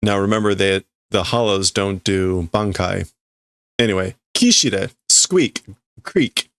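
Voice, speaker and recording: A man's voice: low voice, fairly even intonation, a little slow, fairly bright tone, no echo. A man livestreaming as he reads and translates manga in a casual way, thinking aloud and often stopping to correct himself.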